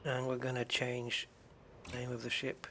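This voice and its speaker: A man's voice: medium pitch, monotone, normal speed, fairly bright tone, slight background noise. A middle-aged man streaming a game, chatting casually with viewers, rambling and chuckling as he goes. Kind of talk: casual live-stream chat while playing.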